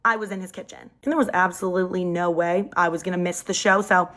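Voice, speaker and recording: A woman's voice: lowish voice, fairly even intonation, quick pace, a bit bright. Chatty young woman telling a dramatic story. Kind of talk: casual storytime monologue.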